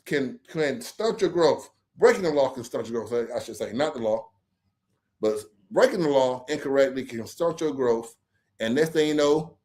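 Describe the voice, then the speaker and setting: A man hosting a late-night livestream, talking in a rambling, profane, animated way. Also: on the high side. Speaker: livestream host.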